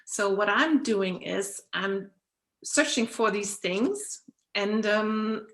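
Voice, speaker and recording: A woman's voice: mid-range voice, lively intonation, slow pace, a bit bright. A woman from Germany with a German accent, a guest coach talking casually on a video call, explaining with frequent laughs and ums. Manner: laughs often while explaining, with many ums.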